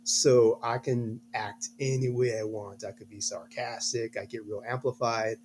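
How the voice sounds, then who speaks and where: Slightly hoarse middle-aged man telling a story. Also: medium pitch, measured pace, background noise. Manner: earnest, lively storyteller with restarts. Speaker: guest, a father. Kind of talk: interview storytelling.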